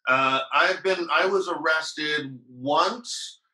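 A man hosting a casual chat over a video call, often pausing with ums and uhs. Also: fairly high pitch, echoey room, very noisy. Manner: hesitant, many ums and uhs. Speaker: host.

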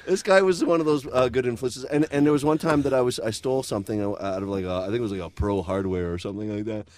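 A man's voice: mid-range voice, fast. A man chatting as a comedian guest on a radio show, telling stories and laughing often. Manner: lively storyteller, laughs often. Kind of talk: casual radio chat.

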